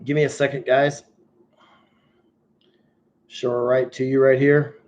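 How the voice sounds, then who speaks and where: This livestream host, a man from the US, swaps blunt, foul-mouthed stories in a laid-back stream chat. His medium-pitched voice barely moves in pitch, runs a bit slow and sounds darkish, with muffled audio.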